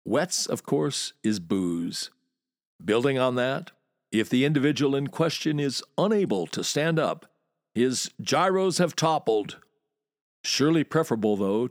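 Lively wry American man, dry mic. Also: mid-range voice, takes it slowly, dry recording. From United States. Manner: wry, relishing words, lively storyteller. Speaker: podcast host and walking tour guide. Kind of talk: scripted podcast monologue.

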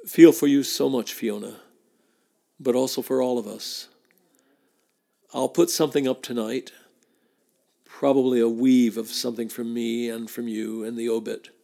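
A man hosting a podcast, giving a spoken tribute and reading letters aloud in a measured way with emphatic repetitions. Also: mid-range voice, fairly even intonation, vocal fry, warm tone. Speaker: podcast host.

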